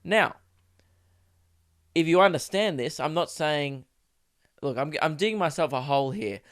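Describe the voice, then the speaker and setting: A man's voice: a little high, animated, unhurried, a bit bright. A young Australian man, a podcast host who is sick, rambling through a casual solo rant with lots of swearing and restarts. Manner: rambling, self-interrupting, swears freely, acts out quoted voices. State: sick, coughing.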